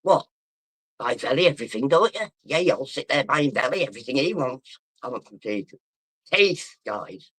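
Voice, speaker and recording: A man's voice: medium pitch, animated, moderate pace, fairly bright tone, husky, dry recording. Drunk, rambling man. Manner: rambling, boisterous, sweary. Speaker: livestreamer. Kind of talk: casual livestream chat, reading comments.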